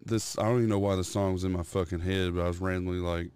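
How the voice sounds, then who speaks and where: A man's voice: deep voice, steady tone, fast talker, darkish tone, clear, resonant tone. A young man on a podcast, casually telling profane, rambling stories about his toddler and mimicking the kid's noises. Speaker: podcast co-host.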